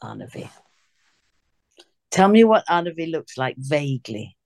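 A woman hosting a podcast interview, her voice hoarse and gruff, talking in a chatty way with asides. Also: sits low, wildly swooping pitch, measured pace, a little mellow. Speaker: podcast host.

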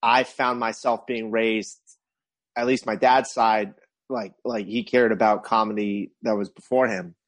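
A man, a comedian guest on a podcast, chatting in a relaxed, loose way with lots of "like.". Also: lowish voice, unhurried. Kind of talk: casual chat.

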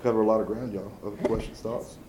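A man's voice: on the low side, fairly even intonation, fast, warm tone, echoey room, a little hiss or hum, low-quality recording. A man with a Southern US accent, a labor organizer answering audience questions in a folksy, conversational way with many fillers and restarts. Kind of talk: casual public Q&A talk.

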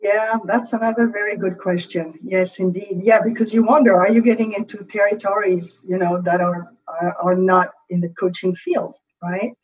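A woman's voice: mid-range voice, level tone, normal speed, hardly any pauses, darkish tone, husky, highs cut off. A woman with a French accent, a creativity coach, explaining ideas in a conversational interview and often checking in with "right?".

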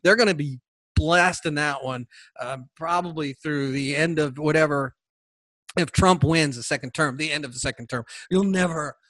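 A man's voice: fairly high pitch, normal speed, a bit bright, no echo. A man hosting a solo political commentary podcast, talking with sarcasm and mocking asides. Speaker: podcast host.

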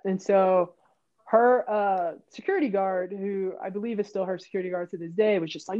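A woman's voice: moderate pace, muffled recording. A woman telling a story in casual chat, acting out what people said with big jumps in her voice. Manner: animated, acts out quotes with jumps in pitch. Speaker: guest.

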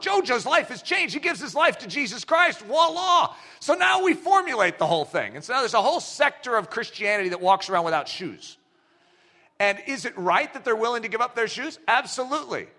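A man delivers a sermon with a bright, fairly high voice. He swings widely in pitch as he tells a story and acts out the dialogue himself. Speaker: preacher.

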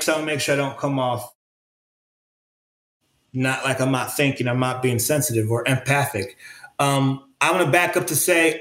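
A man's voice: fairly high pitch, pushed and bright. A man speaking earnestly as an interview guest, searching for his words with many fillers and restarts in reflective conversation. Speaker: interview guest, creative artist. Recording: roomy echo.

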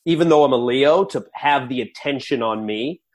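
A man's voice: medium pitch, normal speed. A man in his forties, a podcast guest, talking casually and energetically with lots of restarts. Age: 40s.

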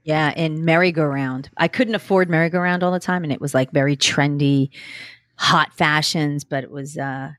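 A middle-aged woman co-hosting a podcast, chatting in an animated, joking way with laughs. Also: sits low, normal speed, no echo, studio quality. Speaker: podcast co-host. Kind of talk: casual chat.

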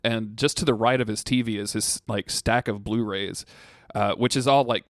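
In a relaxed podcast conversation, a young co-host brings his story to life by performing the quotes. His fairly low voice runs at normal speed, recorded with clean studio sound and no echo.

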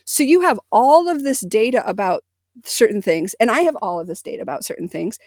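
A woman co-hosting a podcast, telling a family story in an earnest, animated way. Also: a little high, fairly quick, dry recording, studio quality. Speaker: podcast co-host. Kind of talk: casual conversation.

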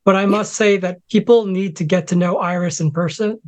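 A woman's voice: mid-range voice, fairly quick. A woman guest on a podcast with a mid-range voice. She speaks in an offhand way, dropping short, wry quips into the talk. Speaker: guest answering questions. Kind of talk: casual podcast conversation.

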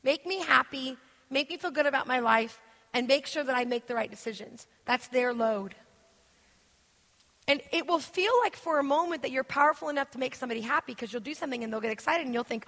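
A woman giving an interactive teaching sermon as a guest speaker, animated, asking the audience questions and acting out quoted voices. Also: high voice, brisk. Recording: echoey hall.

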